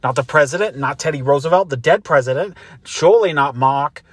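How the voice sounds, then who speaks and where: A man voicing a furious, foul-mouthed middle-aged man ranting and yelling on the phone in a comedy sketch. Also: on the high side, fairly quick, breathy edge, dry recording. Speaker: prank caller character.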